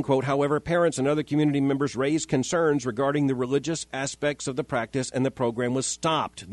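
A man hosting a podcast, giving measured, emphatic scripted commentary that quotes and rebuts with repetition. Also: fairly high pitch, darkish tone, no echo. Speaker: host of a daily commentary podcast.

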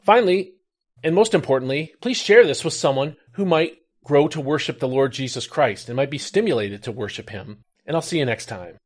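A man's voice: a little high, lively intonation, a little fast, darkish tone. A man hosting a daily Bible devotional, reading a scripted reflection with earnest emphasis on key words. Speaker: devotional host.

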